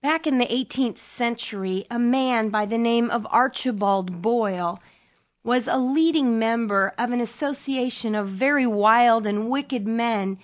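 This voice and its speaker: Slow, measured woman radio Bible teacher. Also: fairly high pitch. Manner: slow, measured, dramatic storytelling. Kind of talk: radio sermon with storytelling.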